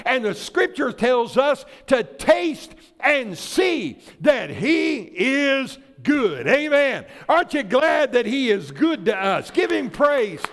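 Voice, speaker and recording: An older man preaching a sermon as pastor, fervent and excitable, building up to shouts. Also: extremely high pitch, takes it slowly, hardly any pauses.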